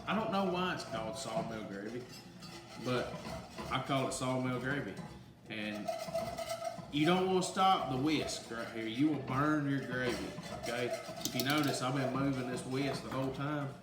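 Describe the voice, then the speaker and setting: A man's voice: mid-range voice, a little slow, long pauses, roomy sound, over music. A man, chatting to his viewers as he demonstrates a home recipe in his kitchen. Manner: folksy, chatty, talks straight to viewers. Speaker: home cooking video host. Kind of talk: casual cooking demonstration. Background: whisking and cooking sounds.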